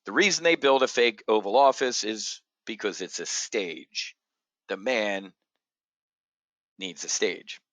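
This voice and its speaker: A man hosting an opinionated market commentary show, blunt and combative, jumping from loud outbursts to low muttering. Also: slow, no room sound. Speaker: options trading show host.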